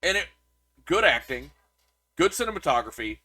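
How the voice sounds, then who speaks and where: A man's voice: on the high side, big pitch swings, moderate pace, pushed and bright, slightly rough, no room sound. A man co-hosting a podcast, chatting casually about a movie and reading reviews aloud, with lots of restarts. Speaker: podcast co-host.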